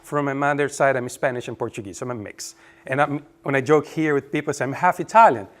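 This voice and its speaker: A man from Brazil, giving a relaxed, joking conference presentation. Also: mid-range voice, quick pace. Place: conference room.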